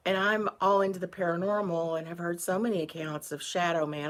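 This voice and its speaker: A woman recounting a personal story in a casual, unhurried, conversational way, with pauses between phrases. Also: fairly low pitch, steady tone.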